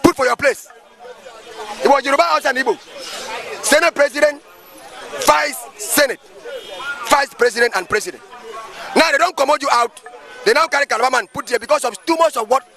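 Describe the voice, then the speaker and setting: A man's voice: very high-pitched, fairly quick, creaky, long pauses, a crowd in the background. A male pastor with a Nigerian accent, giving emphatic, preachy street commentary outdoors and firing off rhetorical questions.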